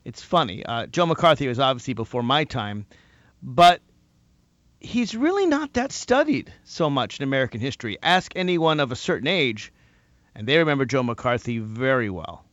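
A man hosting a political talk show, delivering an animated monologue and mocking his opponents' replies. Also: medium pitch, moderate pace, no room sound, dull audio. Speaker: host.

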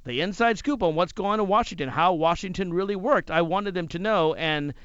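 A man who hosts talk radio, telling a personal story in an animated way. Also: high-pitched, a little fast, smooth, dry recording, dull audio. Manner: animated, acts out other people's lines.

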